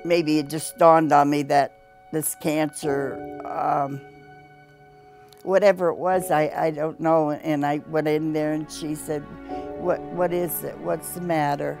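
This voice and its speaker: Deep, gravelly-voiced hesitant woman. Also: fairly even intonation, music in the background. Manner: hesitant, halting. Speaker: cancer patient. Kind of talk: interview testimony.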